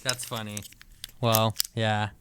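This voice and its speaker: A man co-hosting a podcast in casual chat, relaxed and wry, often restarting his sentences. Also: lowish voice, slow, noisy background. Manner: relaxed, wry, self-correcting. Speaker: podcast co-host.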